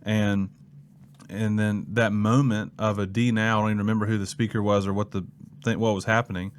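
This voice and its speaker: With a lowish voice and a brisk delivery, a young Mississippi man tells his story as a student pastor in a laid-back interview. Slight background noise is present, and he animates his tale by performing the people he quotes.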